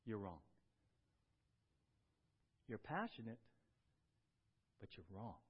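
A pastor voicing a calm, gentle teacher who corrects firmly in a soft, low, measured voice. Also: male voice, lightly acted. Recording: dull lo-fi sound.

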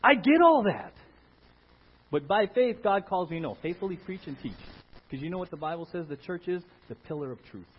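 A male pastor preaching an animated sermon and calling for amens, on a dull lo-fi recording. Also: sits high, brisk, slight background noise. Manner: animated, calls for Amen from the congregation.

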